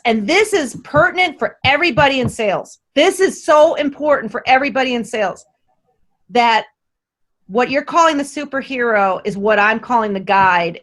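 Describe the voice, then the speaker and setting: A woman's voice: on the high side, expressive, normal speed, fairly bright tone. A woman who runs a company, speaking as a podcast guest, enthusiastic and emphatic, repeating phrases to stress her points. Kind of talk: casual podcast conversation.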